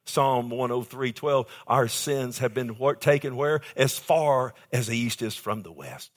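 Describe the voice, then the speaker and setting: This preacher's medium-pitched voice is animated and a little slow as he delivers an emphatic sermon. He alternates between quiet moments and loud outbursts, prompting his congregation to answer back.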